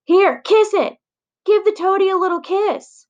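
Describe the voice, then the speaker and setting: A woman's voice: high-pitched, animated, a little slow, lo-fi sound, pitched above the performer's own voice. A woman voicing a rowdy, mocking schoolboy in a children's story reading. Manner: loud and teasing. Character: rowdy mocking boy, classroom bully.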